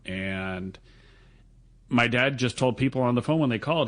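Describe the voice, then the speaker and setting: A man guesting on a radio talk show, recounting a story at length in a relaxed, chatty way. His voice sits at an ordinary middle pitch, and he rambles through the tale with loose asides. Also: moderate pace. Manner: chatty, long-winded storytelling. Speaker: guest reel builder. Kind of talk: casual radio interview.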